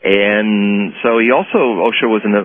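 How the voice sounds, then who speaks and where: A man's voice: lowish voice, measured pace, no room sound. A man telling rambling anecdotes as a radio interview guest, correcting himself as he goes, heard over a tinny phone line. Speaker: guest, prophecy author. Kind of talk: casual storytelling interview. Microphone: telephone.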